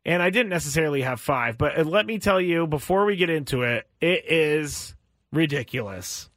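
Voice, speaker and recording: A man hosts a casual sports talk show. He rambles and restarts often, and his voice leaps upward when he gets worked up. His voice sits a little high and sounds dry and close. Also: lively intonation, moderate pace, fairly bright tone, dry recording. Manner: rambling, chatty, with frequent restarts and sudden pitch jumps. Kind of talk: casual chat.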